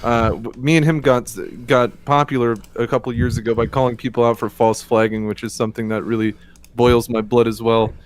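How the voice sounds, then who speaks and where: A man's voice: mid-range voice, level tone, fairly quick. A man on a live stream panel speaking bluntly and matter-of-factly.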